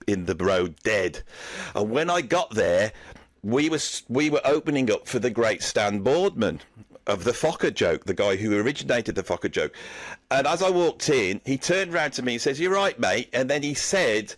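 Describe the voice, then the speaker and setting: A man's voice: medium pitch, dry recording. Rambling man telling anecdotes. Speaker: host. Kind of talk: comic chat with puppets.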